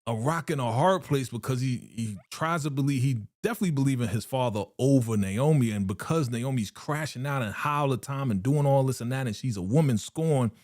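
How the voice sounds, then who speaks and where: A man hosting a live reaction stream, recapping a TV episode in a chatty, animated way, laughing often and repeating phrases. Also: medium pitch, fairly quick, hardly any pauses, dry recording, studio quality.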